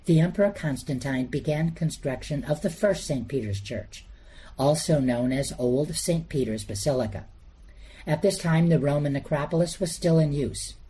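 A man reading a scripted documentary narration, measured and explanatory, steadily working through names and dates. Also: a little high, mellow, slight background noise.

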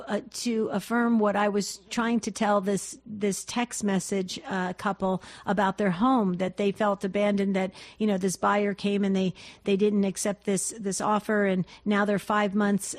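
A woman hosting a call-in radio show, effusive and repetitive, often stumbling over restarts. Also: medium pitch.

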